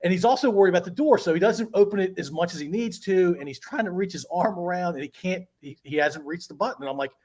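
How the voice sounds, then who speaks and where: A man's voice: high-pitched, fast, hardly any pauses, a little mellow. A man hosting a podcast, telling a story in an amused way and laughing through it. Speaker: podcast host. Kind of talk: casual storytelling.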